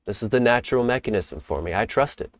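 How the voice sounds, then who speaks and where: A man hosting a spiritual teaching talk, speaking in a calm, reflective way and sometimes acting out playful examples. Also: mid-range voice, fast talker, no echo, studio quality. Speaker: host.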